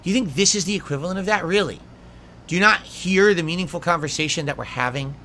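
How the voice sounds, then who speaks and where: High, bright-voiced indignant streamer man. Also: fast talker, a little hiss or hum. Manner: indignant, sarcastic. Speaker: livestreamer. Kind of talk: defensive talk to stream chat.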